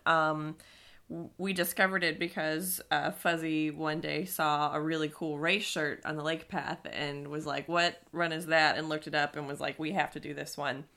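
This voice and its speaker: A woman's voice: sits low, a bit bright. A woman co-hosting a casual podcast, telling her stories chattily and fluently. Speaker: podcast co-host.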